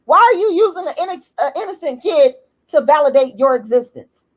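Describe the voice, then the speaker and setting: A woman's voice: high voice, sing-song, brisk, muffled recording. A woman with an African American English accent, ranting to camera in a blunt, profane, heated and repetitive way. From United States. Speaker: YouTube commentator. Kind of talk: emphatic personal rant to camera.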